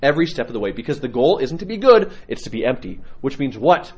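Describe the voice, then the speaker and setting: A man preaching a conversational sermon as an Orthodox priest, telling stories and acting out quoted lines with animated swings. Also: fast, husky. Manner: animated storytelling, acts out quotes with rising pitch.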